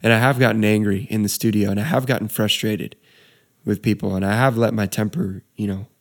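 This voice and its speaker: Young male storyteller, casual, slightly low voice, easygoing. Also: fairly even intonation, brisk. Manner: laid-back, says dude and you know a lot. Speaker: wedding DJ telling a story.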